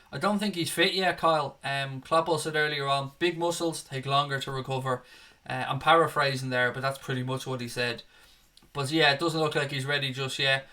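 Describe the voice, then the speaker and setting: A man's voice: medium pitch, pushed and bright. A young man hosting a live fan show, chatting casually as he reads out viewer comments and calls them mate. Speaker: fan channel host. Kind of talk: live stream chat reading viewer comments.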